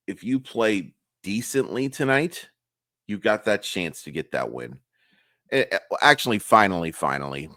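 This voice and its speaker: Raspy hoarse guy, real low voice, dry close sound, frustrated game recap. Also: fairly bright tone, no echo. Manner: candid, frustrated, rambling with restarts. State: hoarse, losing his voice. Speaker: sports recap host. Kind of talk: casual solo game recap. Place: home room, early morning.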